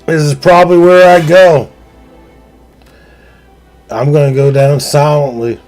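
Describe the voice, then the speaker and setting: A man's voice: fairly high pitch, a little slow, darkish tone, faint music behind, low-quality recording. A man streaming a video game live, cursing and mock-ranting at his co-player over a lost run. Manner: profane, mock-angry ranting.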